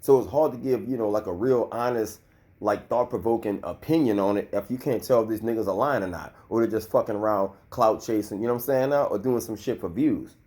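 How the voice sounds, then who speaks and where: A man's voice: lowish voice, fairly quick, darkish tone. A man in his thirties giving a loose, heated and profane commentary rant, full of filler. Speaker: vlogger.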